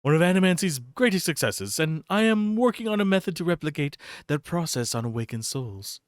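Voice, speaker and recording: A man's voice: lowish voice, lively intonation, very fast, gravelly, no echo, studio quality, pitched below the performer's own voice. A man voicing an earnest woman scholar who studies souls, in formal speech with a wavering put-on foreign accent. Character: fussy woman scholar of soul science, earnest. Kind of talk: reading game dialogue aloud.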